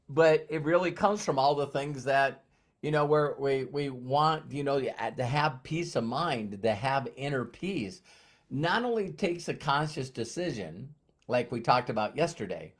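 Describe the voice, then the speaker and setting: A man's voice: mid-range voice, a bit bright. A man hosting a motivational live stream, chatting casually and greeting viewers by name. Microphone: phone.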